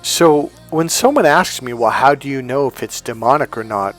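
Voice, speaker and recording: A man giving a casual spiritual monologue as a coach, animated and self-assured, often laughing at his own points. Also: mid-range voice, moderate pace, faint music behind.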